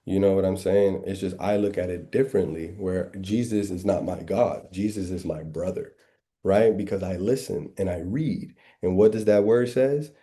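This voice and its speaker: A low-voiced man with a very dark, mellow tone. He talks like a preacher on a live trading stream, throwing out rhetorical questions and answering them himself. He drifts between soft, quick asides and slow, stressed points. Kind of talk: preaching-style casual talk.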